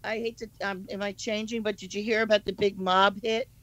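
A woman's voice: mid-range voice, level tone, a little fast, a bit bright, no room sound, poor audio. Chatty woman, dry close sound. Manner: chatty, rambling. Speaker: panel guest.

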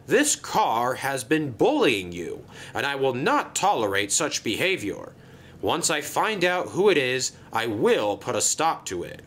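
A man's voice: mid-range voice, sing-song, a little slow, fairly bright tone. A man voicing a stern, pompous male railway controller in a storybook tale, speaking formally. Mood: firm.

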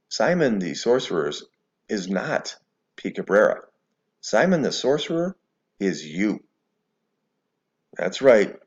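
A man's voice: lowish voice, highs cut off. A man giving scornful, preachy religious commentary to the camera, mixing scripture with sarcasm. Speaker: video commentator.

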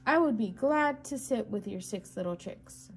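A woman voicing a big male wolf who is lonely and trying to be good, speaking politely and gently. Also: fairly high pitch, animated, normal speed.

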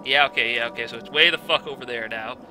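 A man giving blind let's play commentary, exasperated, swearing often and yelling at the game. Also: mid-range voice, quick pace, background noise.

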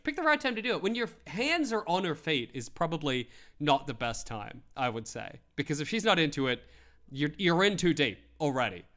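Animated bright-voiced man streaming. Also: a little high. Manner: animated, laughing, mock-outraged, swearing freely. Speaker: livestream host. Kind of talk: comedic live-stream commentary.

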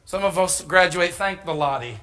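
A middle-aged man preaches through a personal story, his voice sitting high and ringing bright and forceful. He is humorous and animated, and he punches key lines with sudden emphatic shouts. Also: moderate pace, a little hiss or hum. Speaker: pastor. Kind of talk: storytelling sermon.

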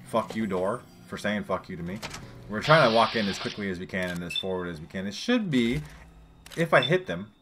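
A man's voice: on the low side, expressive, fairly quick, noisy background. A man giving casual, rambling gameplay commentary, swearing freely and chatting to his viewers. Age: adult parent. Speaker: let's play gamer.

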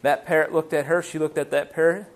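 A man preaching a sermon in a church, lively and full of rhetorical questions to the congregation. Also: a little high, quick pace. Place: church sanctuary.

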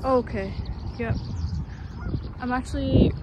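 A young woman chatting excitedly as she vlogs a walk along a lakeside park trail, speaking into a handheld phone. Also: sits high, slow. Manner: excitable, chatty, exclaims often. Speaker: vlogger. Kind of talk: casual vlog narration. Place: outdoor park trail by a lake. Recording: loud outdoor noise behind.

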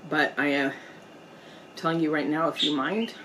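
A woman vlogger chatting casually while eating on camera at home, pausing often to savor her food. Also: low voice, noisy background. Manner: slow, chatty, pauses to eat and savor. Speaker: mukbang vlogger. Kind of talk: casual eating vlog chat. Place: indoors at home, storm outside.

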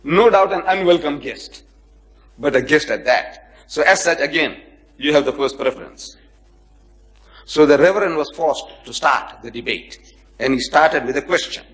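Speaking at a moderate pace in a fairly high voice, a lecturer on comparative religion addresses a live audience. He is an animated storyteller who acts out the people in his anecdotes, and he both jokes with and chides his listeners.

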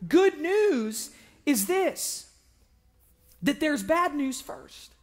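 A young man preaching an evangelistic sermon in a church, joking with the congregation and breaking into shouts for emphasis. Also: very high voice, very slow. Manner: animated, joking, bursts into shouting.

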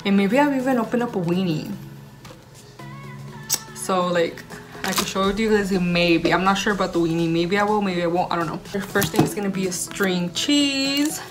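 Young woman vlogging at home, gushy and rambly, says like a lot, mid pitch, music in the back. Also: moderate pace. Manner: gushing, rambling, full of "like". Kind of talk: casual chat to camera.

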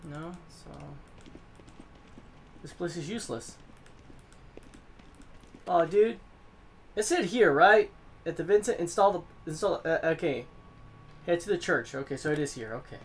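A man giving let's-play commentary as a gaming host, swearing a lot and swinging from low muttering to yelling at the game. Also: expressive, unhurried, pauses often, slight background noise.

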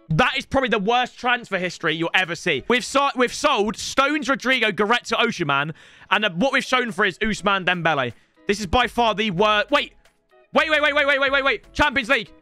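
A young man giving excitable, swear-filled commentary on his football video game, often yelling at the game. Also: high-pitched, no echo. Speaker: gaming YouTuber. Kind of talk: let's-play gaming commentary.

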